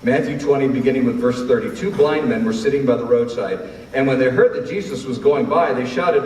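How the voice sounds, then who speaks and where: A man preaches a sermon, his voice dropping to a hush and then climbing to loud, ringing peaks. He is picked up from some distance in a big church hall, so long reverb trails every phrase. A faint room ambience sits underneath. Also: medium pitch, fairly quick, a little hiss or hum. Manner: swings from hushed to loud shouting when retelling scripture.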